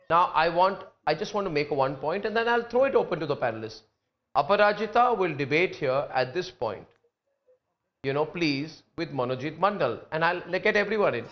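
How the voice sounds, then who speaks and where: A man's voice: on the high side, expressive, brisk, highs cut off. A man with an Indian English accent anchoring a heated TV debate, cutting in again and again to take back the floor.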